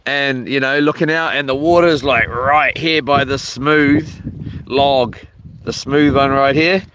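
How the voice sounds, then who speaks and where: A man's voice: medium pitch, fairly even intonation, slow, a bit bright, a little hiss or hum. A man chatting casually outdoors at an island camp by the water, rambling in a laid-back way with lots of ums and slang, recorded on a handheld phone. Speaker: vlogger. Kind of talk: casual chat.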